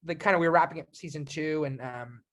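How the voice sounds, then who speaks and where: A man's voice: fairly high pitch, fast. A young man from Canada, an actor being interviewed, talking casually with lots of restarts and fillers. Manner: animated, many restarts and fillers. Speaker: actor guest.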